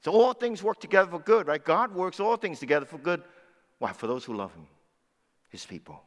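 A man in his sixties preaching a sermon as pastor, swinging between loud emphatic lines and low, quiet asides. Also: very animated, a little fast. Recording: long hall reverb.

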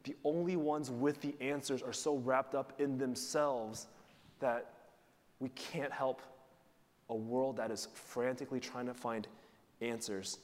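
A man's voice: medium pitch, fairly even intonation, a little slow. A man giving a sermon as pastor, preaching in a conversational way and putting questions to the congregation. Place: church sanctuary. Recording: long reverb of a large hall.

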